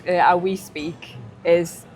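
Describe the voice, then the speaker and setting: A woman's voice: lowish voice, level tone, takes it slowly, darkish tone, soft background music. Teasing Stoke-accented woman vlogging. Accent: Stoke-on-Trent English. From England. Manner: playful and teasing. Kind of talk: casual travel vlog.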